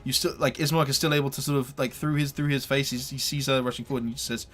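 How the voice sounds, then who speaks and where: A man's voice: mid-range voice, steady tone, fast talker, a bit bright. A man narrating as game master of a tabletop game, hesitant, with many fillers and restarts.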